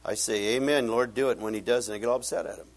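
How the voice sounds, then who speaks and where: A man preaching a sermon, reading scripture with loud emphatic rises and dropping to quiet asides for personal stories. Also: medium pitch, steady tone, very fast. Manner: tells personal stories with laughter. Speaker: pastor.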